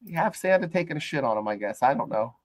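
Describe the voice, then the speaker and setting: Male co-host, quick deadpan jokes, dry close sound. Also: a little high, no echo. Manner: crude, deadpan wisecracks. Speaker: podcast co-host. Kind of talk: casual sports podcast chat.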